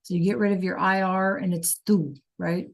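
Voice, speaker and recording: A woman's voice: fairly low pitch, flat delivery, moderate pace. A woman teaching a Spanish class over a video call, praising students by name and encouraging them.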